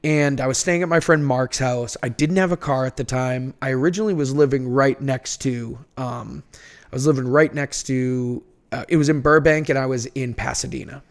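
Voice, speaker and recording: A man with a Boston accent, a podcast guest telling stories in an animated, laughing way. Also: medium pitch, normal speed, vocal fry. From North Shore of Massachusetts. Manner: animated storyteller, laughs easily. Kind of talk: casual chat.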